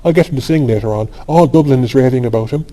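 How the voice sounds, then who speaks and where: A man voicing an eager young woman who politely pairs up dance partners in a quick, coaxing way. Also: medium pitch, mellow, lightly acted, poor audio.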